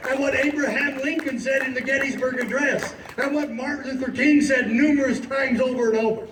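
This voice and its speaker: High-voiced man preaching at an echoey outdoor rally. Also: fairly even intonation, brisk, far from the mic, crowd noise, background noise. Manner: impassioned storytelling, emphatic and preachy. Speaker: sheriff and political activist. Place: outdoors at a city hall.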